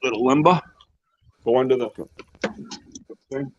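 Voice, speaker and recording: A man with a New England accent, calling in while driving, rambling and swearing in a loud, rowdy way. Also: medium pitch, measured pace, slight background noise. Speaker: regular caller. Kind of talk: casual chat while driving. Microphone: phone. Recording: lo-fi phone audio.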